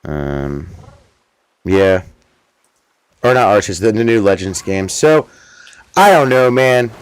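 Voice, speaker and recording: A man's voice: lowish voice, lively intonation, slow, clear, resonant tone. A man hosting a stream, talking in a rambling, offhand way and swearing casually. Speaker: streamer host. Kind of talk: casual gameplay commentary.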